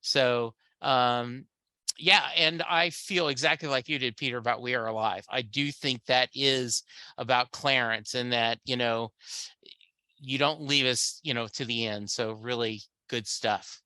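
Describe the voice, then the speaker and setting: Man, podcast host, very bright tone, dry recording, rambling and filler-heavy. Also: mid-range voice, steady tone, a little slow, no room sound. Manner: rambling, with many fillers and restarts. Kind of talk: casual chat.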